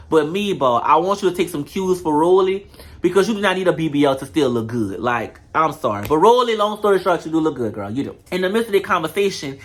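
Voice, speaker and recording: Casual blunt recap vlogger, talks right at the viewers, middle pitch. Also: fairly bright tone. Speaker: show reviewer. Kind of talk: casual reality-show recap. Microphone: camera mic.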